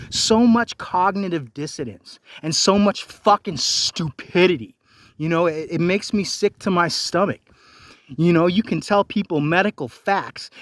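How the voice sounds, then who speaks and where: High-voiced man in a swearing rant. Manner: angry, confrontational, heavy swearing, repeats rhetorical questions. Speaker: vlogger. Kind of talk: profane ranting monologue.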